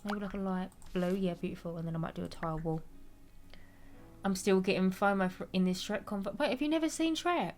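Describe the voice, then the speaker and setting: A woman's voice: on the low side, fairly even intonation, fairly quick, darkish tone, soft background music. Chatty woman streamer, giggly. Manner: chatty, giggly, reads chat aloud. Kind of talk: casual livestream chat.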